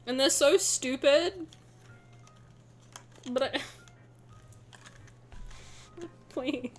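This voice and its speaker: A young woman streamer reacting to a game with excitable, casual commentary. She swears and laughs often. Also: sits high, very slow, long pauses, faint music behind.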